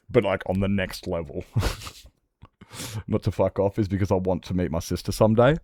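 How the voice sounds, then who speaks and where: Young male streamer, deep voice, dry sound, loose candid sweary chat. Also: normal speed, darkish tone, no room sound. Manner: rambling, swears freely, candid. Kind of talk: casual livestream chat.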